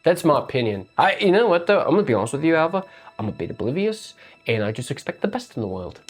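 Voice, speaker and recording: A player at a tabletop game who talks in long, excitable, rambling runs and swears often. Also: mid-range voice, fast, slightly rough, faint music behind. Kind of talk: casual tabletop game chat.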